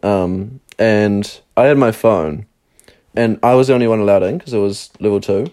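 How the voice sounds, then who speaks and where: A man's voice: on the low side, normal speed, a little mellow. A young man casually telling a rambling personal story, full of fillers and swearing. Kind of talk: casual chat.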